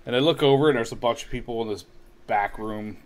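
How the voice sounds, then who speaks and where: A middle-aged man co-hosting a live show, chatting casually and telling stories in a relaxed, meandering way. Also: medium pitch, quick pace, slight background noise. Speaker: co-host of a live online show. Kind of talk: casual chat.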